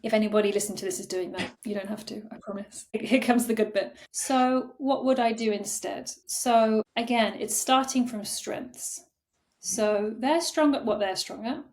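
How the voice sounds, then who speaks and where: A woman, a career coach, speaking as a guest in a casual podcast conversation, animated and acting out her own remembered thoughts with frequent laughter. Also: a little high, normal speed. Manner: animated, acts out quoted thoughts, laughs often.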